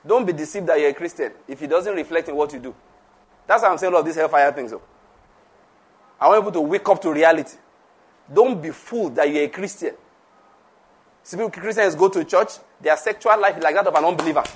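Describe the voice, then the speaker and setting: A man's voice: a little high, slightly rough. A man preaching a conversational sermon, laughing often, repeating himself and asking the audience questions.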